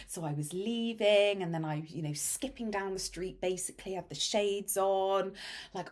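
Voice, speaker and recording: A woman hosting a mindset podcast, telling a story in a casual monologue with dramatic hushed asides. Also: medium pitch, lively intonation, moderate pace. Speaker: podcast host and mindset coach.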